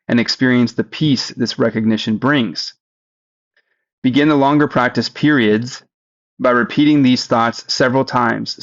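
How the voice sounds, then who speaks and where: A man leading a guided spiritual practice, speaking slowly and deliberately and asking listeners to repeat phrases after him. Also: mid-range voice, muffled recording. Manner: slow, deliberate, leads repetitions. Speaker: spiritual teacher. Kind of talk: guided meditation teaching.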